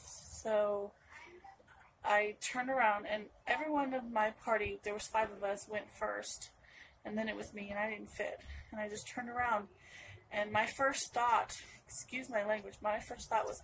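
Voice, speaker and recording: A woman's voice: medium pitch, level tone, unhurried, a bit bright, a little hiss or hum, low-quality recording. A young woman from Northern California telling a personal story to camera in a rambling way, full of restarts and asides. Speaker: vlogger.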